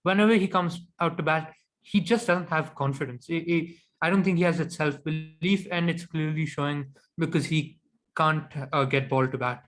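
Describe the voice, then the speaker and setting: A man's voice: fairly high pitch, normal speed, a bit bright. A man co-hosting a cricket podcast, giving opinionated, analytical takes in casual chat.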